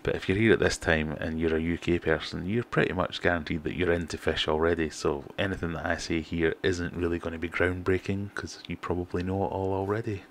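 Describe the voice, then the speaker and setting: Low-voiced British man chatting on a livestream. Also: brisk, few pauses, slight background noise. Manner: chatty, reads out viewer comments, relaxed and self-deprecating. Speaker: fishkeeping livestream host. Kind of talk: casual livestream chat.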